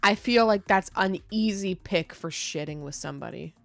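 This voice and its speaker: A woman's voice: mid-range voice, moderate pace, gravelly, fairly bright tone, no room sound, soft background music. A woman streamer giving casual, crude, joking commentary while she plays a game.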